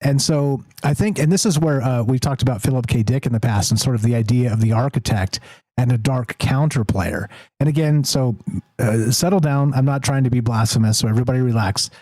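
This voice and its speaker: A man's voice: medium pitch, fairly quick, darkish tone, dry recording, low-quality recording. A man hosting a call-in talk show, rambling and self-interrupting with a wry edge. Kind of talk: casual talk-radio conversation.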